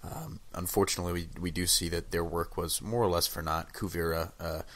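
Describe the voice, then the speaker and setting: A young man sounding sick and under the weather reviews a TV episode casually, his low voice brisk, fairly even and a bit bright. He rambles, full of fillers and restarts.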